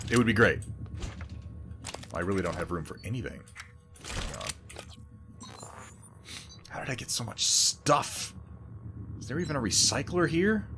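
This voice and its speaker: A man's voice: deep voice, a bit bright. A man giving casual, sardonic and profane commentary while playing a video game. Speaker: let's play host.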